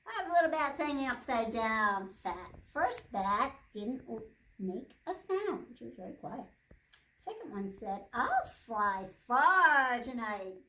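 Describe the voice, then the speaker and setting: Librarian lady reading to kids, kinda high voice, mic far off. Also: big pitch swings, measured pace, fairly bright tone. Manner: playful, chanting rhymes. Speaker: children's librarian. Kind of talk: children's storytime reading. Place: library room. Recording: echoey room, from far off.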